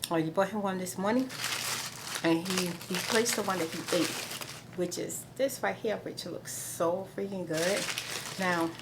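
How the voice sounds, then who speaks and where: A woman's voice: lowish voice, measured pace. A middle-aged woman hosting her own video blog in a chatty, rambling way, with exasperated asides. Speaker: vlogger host. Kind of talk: casual chat. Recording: noticeable background noise.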